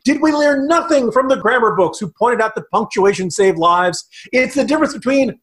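A man's voice: extremely high pitch, expressive, normal speed, fairly bright tone. A man co-hosting a political podcast, ranting in mock outrage. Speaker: podcast co-host and writer. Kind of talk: casual political podcast chat.

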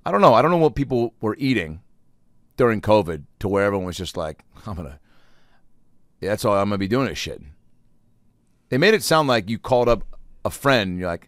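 A man telling a rambling, profane comic story in a casual monologue, breaking into loud acted-out quotes. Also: lowish voice, sing-song, quick pace, long pauses, no echo, studio quality. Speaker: comedian.

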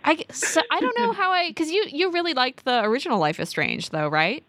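A woman's voice: sits high, lively intonation, fairly quick, fairly bright tone, no echo. A woman from the US West Coast hosting a podcast, teasing and emphatic in casual chat. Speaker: podcast host.

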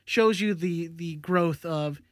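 A young man co-hosting a podcast in easy, casual chat. His voice sits fairly high, and he stumbles and repeats himself as he talks. The sound is close and dry. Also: slow, no room sound. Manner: stammering, repeats words. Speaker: podcast co-host.

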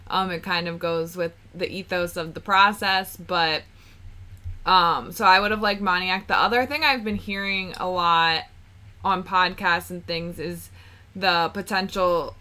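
A woman chats as a podcast guest, her voice on the lower side yet bright. She talks in a relaxed, thoughtful way and hedges her opinions. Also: measured pace, clear, resonant tone. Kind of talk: casual sports chat.

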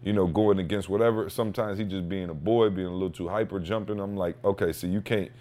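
A man hosting a podcast, telling a casual, slangy story with lively energy and acting out what people said. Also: sits low, fast talker. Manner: animated storyteller, slangy, acts out quotes. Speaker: podcast host; father.

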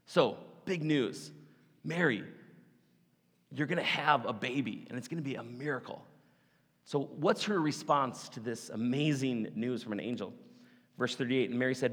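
A male pastor preaching a sermon, animated and conversational, in a church hall with long reverb. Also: medium pitch, normal speed, slightly rough.

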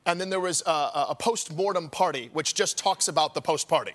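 A man chatting as a talk-show guest, animated and quick, slipping into little voices and laughter. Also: fairly high pitch. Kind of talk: comedic talk-show chat. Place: TV studio with audience.

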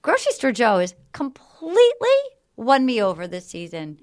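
A woman hosting a podcast, chatting excitedly and recapping scenes in a casual way. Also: on the high side, normal speed. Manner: chatty and excitable, recounts scenes with quoted voices. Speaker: podcast host. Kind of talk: casual chat recapping a reality show.

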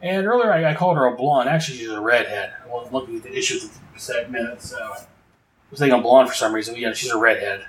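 A man's voice: mid-range voice, quick pace, a bit bright, echoey room, rough recording. A man giving a casual, rambling recap of a comic book issue, full of fillers and enthusiastic asides.

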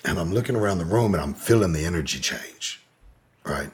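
With slight background noise behind him, a man talks in a low, animated voice at a brisk pace. He's on a podcast as a guest, spinning a long, meandering personal story that's casual and peppered with profanity.

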